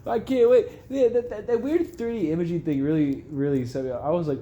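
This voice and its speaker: Young male vlogger, rambling and profane, slightly high, mellow tone, faint noise. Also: fast talker, few pauses. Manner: rambling, swears a lot, laughs through excited bits. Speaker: vlogger recapping a show. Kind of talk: casual rambling recap.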